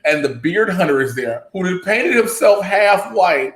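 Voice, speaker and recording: A man's voice: sits high, lively intonation, measured pace, a bit bright. A man co-hosting a casual TV review chat, laughing often and acting out quotes. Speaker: co-host. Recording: roomy echo.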